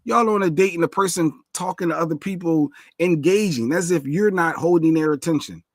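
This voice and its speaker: Dude cohosting a stream, laughs a lot, slangy and animated, voice on the high side, dry sound. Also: male voice, a little fast, no room sound. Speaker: livestream co-host. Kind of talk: casual chat.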